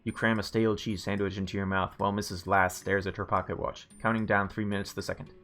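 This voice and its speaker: A man's voice: fairly low pitch, level tone, quick pace, fairly bright tone. A man streaming a game, reading its text aloud and adding wry, musing asides.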